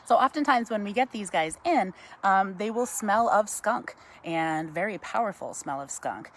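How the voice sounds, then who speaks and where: A woman, giving a chatty live-stream talk outdoors, greeting viewers by name and cooing softly to an owl. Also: mid-range voice, expressive, normal speed, slight background noise. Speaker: wildlife educator.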